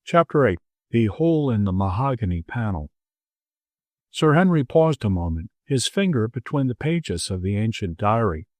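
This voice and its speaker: A man narrating an audiobook in expressive storytelling style. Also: on the low side, moderate pace, dry recording. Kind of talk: scripted narration.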